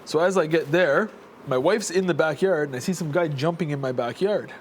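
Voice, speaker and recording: A man's voice: a little high, a little fast, slight background noise. A young man telling a rambling story in casual chat, full of fillers and restarts. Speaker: houseguest.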